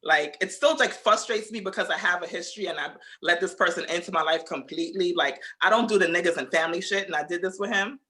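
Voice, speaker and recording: Blunt, bright-voiced woman telling a story. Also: lowish voice, fast talker, few pauses. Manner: blunt, profane, animated storyteller. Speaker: podcast guest. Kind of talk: casual storytelling chat.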